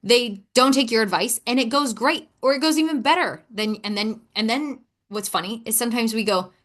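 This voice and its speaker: A woman's voice: a little high, a little fast, fairly bright tone. A woman hosts a casual self-help podcast in a candid, self-deprecating way. She talks as if to a friend, sighing now and then and adding a playful edge of sass. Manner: acts out quoted dialogue in shifting voices. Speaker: podcast host.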